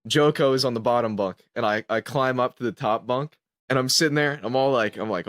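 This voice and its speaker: A man's voice: medium pitch, brisk, fairly bright tone, dry recording, clean studio sound. A young man telling a story in casual podcast chat, acting out his own lines and laughing as he goes. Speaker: podcast co-host. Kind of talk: casual storytelling among friends.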